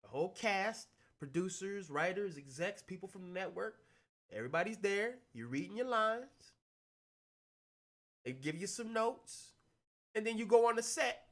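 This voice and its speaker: A man chatting casually in an interview, telling a story in an animated, slangy way. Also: high voice, normal speed. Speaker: guest actor.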